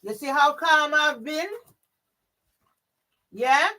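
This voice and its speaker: A woman vlogger speaks straight into her own camera in an emotional personal monologue, her voice high, slow, and sharp. She's agitated and swears a lot, often tossing in a questioning "yeah?", and she sounds sleepless and overwrought.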